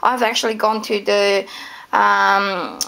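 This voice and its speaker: A woman's voice: mid-range voice, level tone, slow pace, creaky, bright, forceful tone. A woman explaining sewing steps in a casual, chatty home tutorial, gushing over her handmade dolls. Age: adult with children. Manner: chatty and gushing, with many fillers. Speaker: craft tutorial maker.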